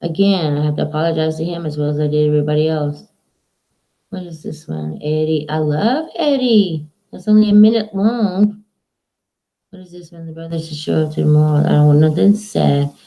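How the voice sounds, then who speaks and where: A woman's voice: deep voice, normal speed, vocal fry, lo-fi sound. A woman streaming live from home, chatting in a rambling, casual way to her viewers and her dog.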